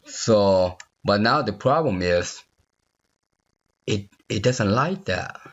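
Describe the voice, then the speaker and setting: A man teaching a software tutorial while he debugs on screen, thinking aloud, repeating phrases and asking the viewer if they see it. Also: lowish voice, expressive, slow pace, dull audio. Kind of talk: unscripted screen-recorded coding walkthrough.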